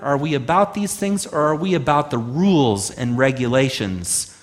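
A man preaching a sermon as pastor, emphatic, full of rhetorical questions and slow, drawn-out phrases. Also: medium pitch, lively intonation.

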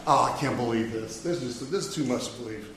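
A man's voice: medium pitch, quick pace, a bit bright, pitched below the performer's own voice, natural voice. A man voicing an exasperated father woken too early, weary and grumbling, heard from far off in an echoey hall.

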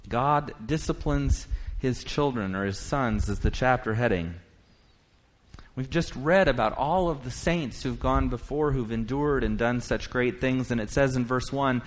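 A man preaching a sermon, moving from quiet, reflective musing to rising, emphatic declaration, and reading scripture aloud in quick bursts. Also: medium pitch.

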